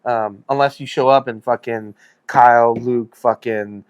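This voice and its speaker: A man's voice: mid-range voice, steady tone, unhurried, clean tone, dry recording, highs cut off. A man in his forties co-hosting a podcast, chatting with laughs and profane, self-mocking banter. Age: 40s. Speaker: podcast co-host. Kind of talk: casual chat.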